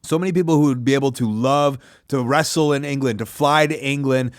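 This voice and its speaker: A man, hosting a podcast in a rambling, self-deprecating monologue with animated asides. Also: medium pitch, fairly quick, no room sound, studio quality. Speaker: podcast host. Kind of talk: casual monologue.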